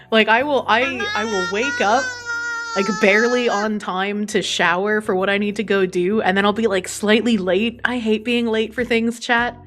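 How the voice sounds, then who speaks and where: A woman's voice: medium pitch, fairly even intonation, moderate pace. A woman streamer chatting casually and reading out viewer messages, swearing freely and laughing often. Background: faint background music.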